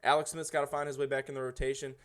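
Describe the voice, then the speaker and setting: A man's voice: medium pitch, little pitch movement, very fast, fairly bright tone. A man guesting on a casual sports podcast, often restarting his sentences with repeated words.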